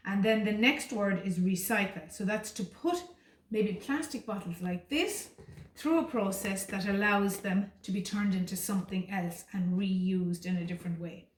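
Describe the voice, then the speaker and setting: A woman's voice: mid-range voice, a little hiss or hum. Encouraging woman teacher, echoey room. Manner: slow, clear and encouraging, talking to children. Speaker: primary school teacher. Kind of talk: remote vocabulary lesson for young children.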